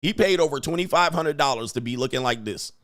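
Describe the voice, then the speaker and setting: A man hosting a show, giving loud, crude, mocking commentary on video clips and laughing often. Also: medium pitch, lively intonation, fast, dry recording, studio quality. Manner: brash and mocking, laughs often, mimics voices. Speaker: host.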